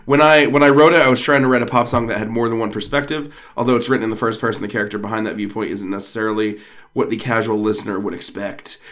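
A man's voice: lowish voice, fairly even intonation, quick pace, a bit bright. A man co-hosting a podcast, talking casually with many fillers and reading passages aloud. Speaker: podcast co-host. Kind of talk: casual chat.

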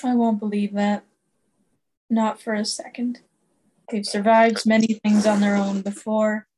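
A woman playing her character in a tabletop game, speaking with earnest, steady conviction. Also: mid-range voice, a little slow, slight background noise, rough recording. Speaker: player. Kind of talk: in-character roleplay.

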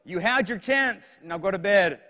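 A man's voice: sits high, animated, a little slow, sharp tone, heavily acted. A man voicing an exasperated mother who firmly scolds her son at bedtime. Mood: scolding. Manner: scolding, firm. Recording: long church reverb.

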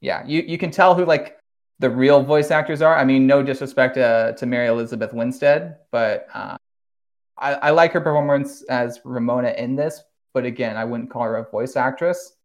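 A man in casual podcast talk, recapping plot points with quick enthusiasm and easy laughs. His voice sits in a middle register and he drops the odd curse word when something excites him. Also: mid-range voice. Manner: animated recapper, swears, laughs often. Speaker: podcast host.

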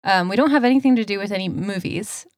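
A woman co-hosting a casual podcast, teasing and quick-witted. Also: mid-range voice, a little mellow, dry recording, clean studio sound. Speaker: podcast co-host. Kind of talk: casual chat.

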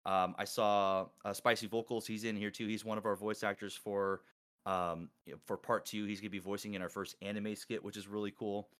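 A man hosting a casual group call, talking excitedly and rambling with many restarts. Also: fairly low pitch, a little fast. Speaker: podcast host and collab organizer.

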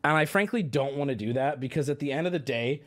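Talking fast with a fairly bright tone, a young man rambles and swears through a casual live-stream rant. Every so often he bursts out in a sudden squeaky high voice.

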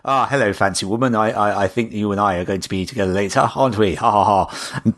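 A man's voice: on the low side, fast, a bit bright. A man putting on a smug, flirty Sean Connery-style spy voice as a joke impression.

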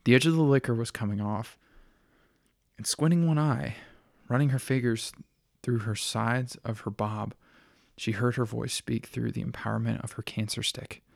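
A man reading a story aloud in a steady, plain narrating style. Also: mid-range voice, moderate pace, creaky, no echo, clean studio sound.

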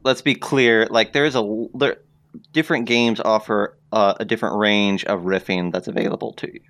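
A man with a somewhat low voice co-hosts a tabletop gaming podcast. He explains his view step by step and keeps checking that the others follow. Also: steady tone, moderate pace, fairly bright tone. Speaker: podcast co-host. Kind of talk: casual chat.

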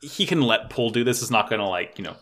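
A man co-hosting a casual podcast, excitedly recapping an anime episode, swearing freely and stammering when unsure. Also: medium pitch, fast talker. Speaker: podcast co-host.

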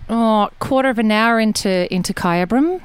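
Chatty Australian woman, clear voice. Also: fairly high pitch, moderate pace, no room sound. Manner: chatty, rambling storyteller with frequent laughs. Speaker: guest. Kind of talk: casual chat.

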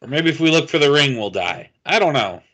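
A man's voice: a little high, big pitch swings, a little fast, a bit bright. A man thinking aloud hesitantly as a player in a group book reading.

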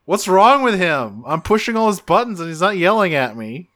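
A man's voice: high-pitched, sing-song, moderate pace, a bit bright, no room sound, clean studio sound, voice pushed up. A man voicing a brash, needling male robot rat soldier who gripes indignantly in a cartoon recap.

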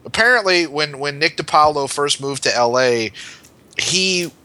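A man's voice: fairly high pitch, a little slow, bright, forceful tone. A man hosting a comedy podcast, telling a rambling anecdote in casual chat. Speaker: podcast host.

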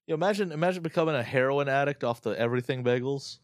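An American man co-hosting a casual chat, brash and profane, ranting with animated energy. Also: mid-range voice, very fast, no echo, clean studio sound. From United States.

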